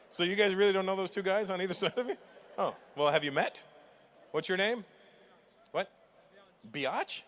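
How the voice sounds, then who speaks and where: A man's voice: high-pitched, normal speed, long pauses, a bit bright. A middle-aged man doing stand-up crowd work, teasing the audience and laughing at his own jokes, recorded live on stage. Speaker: stand-up comedian. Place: live comedy venue with audience. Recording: live show with crowd and hall noise.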